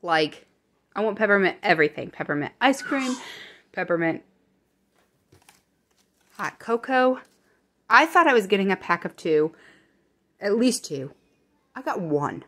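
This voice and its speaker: A woman's voice: medium pitch, very animated, unhurried, long pauses, a bit bright. A young woman in a casual home vlog, chatting in a rambling way and often correcting herself. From American Midwest. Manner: whispering. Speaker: vlogger. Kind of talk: casual grocery haul chat.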